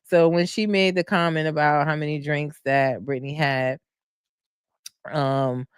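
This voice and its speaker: A woman's voice: low voice, measured pace, clean tone, dry recording, studio quality. Chatty woman recapping reality TV. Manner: animated storytelling with frequent laughs and loud mock-quotes. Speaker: podcast host recapping reality TV. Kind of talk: casual chat, reality TV recap.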